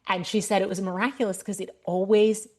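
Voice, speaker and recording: A woman's voice: mid-range voice, little pitch movement, a little fast, a little mellow. A middle-aged woman hosting a podcast, candidly telling a long personal story in casual conversation, with frequent restarts. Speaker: podcast host. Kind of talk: casual interview chat.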